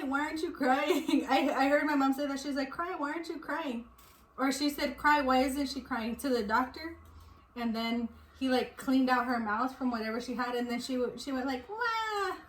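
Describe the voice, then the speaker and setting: A woman's voice: sits high, normal speed. A woman in her twenties, a vlogger and new mother, chatting casually and telling a story with lots of laughter. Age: 20s. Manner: animated storytelling, laughs often. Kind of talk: casual chat. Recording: echoey room with faint noise.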